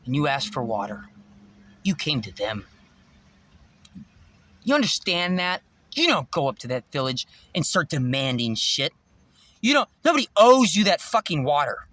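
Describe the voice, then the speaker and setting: Intense preachy male vlogger, high and very animated delivery. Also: normal speed, long pauses. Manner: intense, preachy, swears freely. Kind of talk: rambling spiritual monologue.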